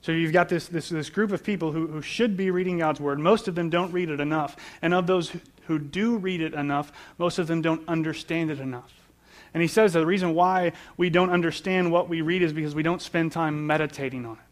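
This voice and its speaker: Earnest male preacher with a somewhat high voice, repeating words as he explains scripture. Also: steady tone, brisk. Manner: earnest, repeats words while building points. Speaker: pastor. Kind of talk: sermon.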